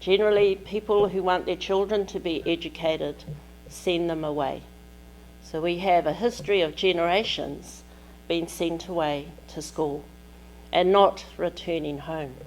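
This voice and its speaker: Slow, measured New woman lecturing. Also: on the low side, steady tone, darkish tone, a little hiss or hum, rough recording. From New Zealand. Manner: measured, deliberate phrasing in short pieces. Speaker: keynote lecturer. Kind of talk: academic keynote lecture. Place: lecture hall at a conference.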